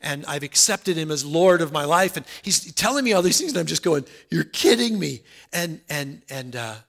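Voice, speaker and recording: A man preaching a sermon in an earnest, conversational way, dropping soft and then rising loud. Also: fairly high pitch, lively intonation, moderate pace, gravelly.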